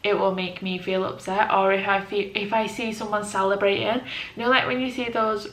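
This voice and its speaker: A woman's voice: medium pitch, level tone, a little fast, fairly bright tone. A woman talks casually to camera as a book vlogger, circling back on herself with restarts and emotional turns. Her voice sits in a mid register and carries a roomy echo. A faint ambient hum sits behind it. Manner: rambling, emotional, many restarts.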